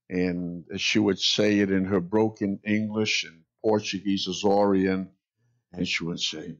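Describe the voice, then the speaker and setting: A male pastor preaching a sermon, telling stories in an unhurried way with wry jokes. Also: sits low, fairly even intonation. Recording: dull lo-fi sound.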